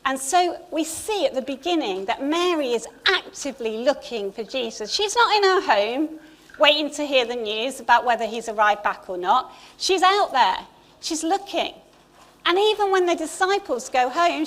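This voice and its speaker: A middle-aged English woman speaks from the front of a church, her voice sitting high. She preaches in a loose, conversational way, full of small asides and gentle humour. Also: lively intonation, normal speed. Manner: chatty and warm, with asides. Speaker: church leader. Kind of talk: informal Easter sermon. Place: church hall.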